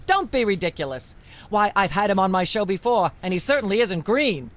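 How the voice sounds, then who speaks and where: A woman's voice: mid-range voice, big pitch swings, a little fast, heavy background noise, close to an everyday voice. A woman voicing a bossy, prim middle-aged talk show host in a video game. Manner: prim, scolding, droning on. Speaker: game character.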